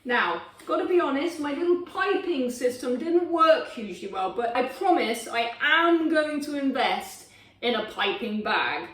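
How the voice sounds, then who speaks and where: A woman's voice: high-pitched, very animated, measured pace, fairly bright tone, echoey room. A woman hosting a home cooking vlog, chatting bubbly and giggly to her viewers as she bakes and tastes. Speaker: cooking channel host. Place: home kitchen.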